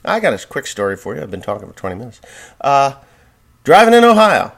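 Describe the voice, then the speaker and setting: Rambling, animated man hosting a farm show. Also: medium pitch, fast talker, gravelly. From New Jersey. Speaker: farm podcast host. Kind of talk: casual monologue.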